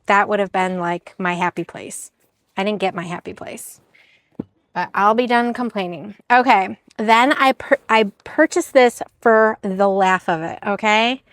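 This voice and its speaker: A woman's voice: medium pitch, unhurried, dry recording. A woman chatting casually in a haul video, bubbly and self-deprecating as she shows her thrift finds. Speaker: reseller vlogger.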